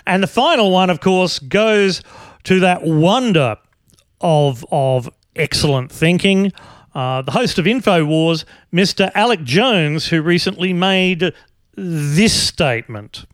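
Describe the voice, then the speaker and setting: A man hosting a podcast in slow, unhurried commentary. His voice sits a bit high and the recording is close and dry, with no room sound. He rambles sardonically and fills gaps with ums and uhs. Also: expressive, no room sound. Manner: sardonic, rambling with many fillers. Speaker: podcast host. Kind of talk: casual commentary.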